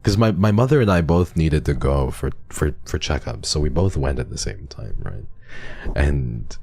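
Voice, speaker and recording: Extremely low-pitched, gravelly and darkish in tone, this man's voice is animated at a normal speed. He's chatting casually on a livestream, telling a rambling story full of restarts.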